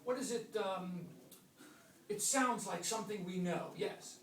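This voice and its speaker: A woman teaching a class, playfully quizzing her students with lots of questions and lively swings in her voice. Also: a little slow. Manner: playful, asks many questions, animated swings in pitch. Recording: echoey room, mic far off.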